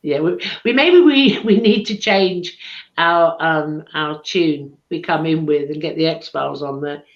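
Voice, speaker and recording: A woman's voice: low-pitched, steady tone, unhurried. Chatty teasing woman, echoey lo-fi. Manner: chatty, teasing, laughs often. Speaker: co-host. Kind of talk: casual live-stream chat. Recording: echoey room, dull lo-fi stream audio.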